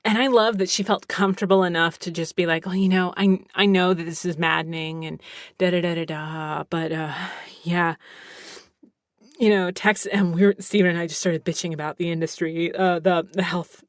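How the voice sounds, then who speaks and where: A woman podcast host telling a personal story in a chatty, animated way, acting out what others said. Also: on the low side, normal speed, dry recording, clean studio sound. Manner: chatty, animated, quotes others, swears casually. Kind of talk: casual storytelling.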